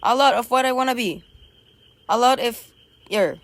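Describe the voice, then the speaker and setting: A woman narrating her own video in a playful, goofy way, stammering and making up silly words, swinging between lively bursts and low mumbles. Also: moderate pace, no echo. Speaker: vlogger. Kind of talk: casual voice-over narration of a video.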